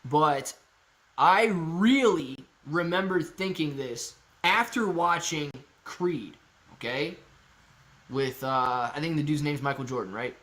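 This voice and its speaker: A man with a fairly high-pitched voice hosts a relaxed livestream. He reads comments from his viewers out loud and answers each one in an easygoing, joking way. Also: takes it slowly. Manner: playful and joking. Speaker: livestream host. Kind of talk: casual livestream chat.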